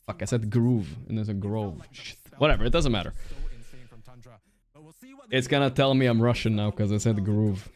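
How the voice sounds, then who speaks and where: A man's voice: on the low side, moderate pace, pauses often, a little mellow. A young man with a Swedish accent, casually commentating and chatting on his stream, swearing freely and joking at his own expense. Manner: swears a lot, casual slang, laughs at himself.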